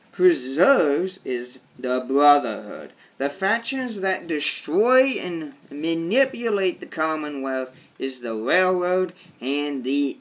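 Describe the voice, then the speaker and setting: A man from the United States talking over gameplay in a slow, deliberate way, repeating words as he thinks. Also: fairly high pitch, a bit bright, muffled recording. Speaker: gaming video creator. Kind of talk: gameplay commentary.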